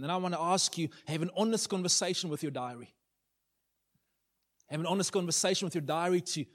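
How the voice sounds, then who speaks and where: A man in his forties preaching a sermon in a church, telling his story dramatically and swinging from loud, excited lines to hushed ones. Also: a little high.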